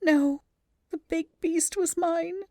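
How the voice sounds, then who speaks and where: Brief: woman doing a high, dramatic young lady, wailing and exasperated, dry close sound. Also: lively intonation, measured pace, dry recording. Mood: feeble. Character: flustered young society woman with an unruly dog.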